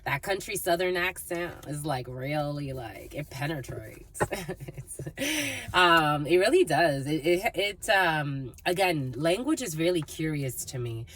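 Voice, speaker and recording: A woman's voice: low-pitched, lively intonation, unhurried, fairly bright tone. A woman giving a channeled tarot reading, rambling and free-associating, calling her listeners "my lovies". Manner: breaks into snatches of song and laughter. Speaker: tarot reader.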